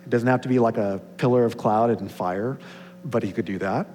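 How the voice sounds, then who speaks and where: A man preaching a sermon to a congregation, swinging from excited, loud passages to soft, slow, hushed ones. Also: medium pitch. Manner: rises to excited loud peaks, then drops soft and slow. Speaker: pastor. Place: church sanctuary. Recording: long hall reverb, faint hum.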